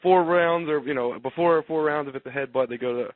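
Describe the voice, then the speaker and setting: A man co-hosting a radio fight-talk show in casual chat, talking loosely with quick restarts. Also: fairly high pitch, no room sound. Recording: tinny phone-like dry audio.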